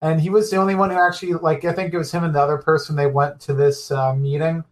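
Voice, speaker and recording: A man's voice: a little high, flat delivery, fast talker, rough recording. A young man co-hosting a casual talk show, explaining things hesitantly with many fillers. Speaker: podcast co-host. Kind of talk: casual chat.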